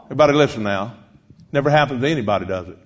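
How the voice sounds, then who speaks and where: Husky preacher challenging his congregation. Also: mid-range voice, expressive, rapid-fire, muffled recording. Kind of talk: sermon.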